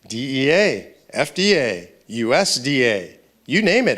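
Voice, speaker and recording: A man's voice: mid-range voice, fairly bright tone. Emphatic man lecturing students. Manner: conversational and emphatic, with rhetorical questions. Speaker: speaker at a political event. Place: university lecture hall.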